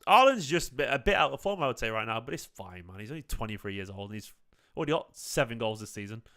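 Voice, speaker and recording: A man's voice: medium pitch, animated, quick pace, pushed and bright. A young man hosts a live football watchalong, chatty and prone to laughing fits. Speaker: football fan channel host. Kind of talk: live match watchalong commentary.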